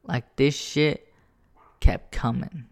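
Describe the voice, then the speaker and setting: A man casually telling a rambling, profane story about his own life, animated and full of restarts. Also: mid-range voice, slow pace, vocal fry.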